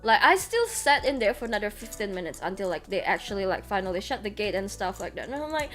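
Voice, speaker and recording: A woman's voice: medium pitch, sing-song, fast, fairly bright tone, soft background music. A young woman streaming as a VTuber, telling a story in casual chat, acting out the people she quotes and laughing often.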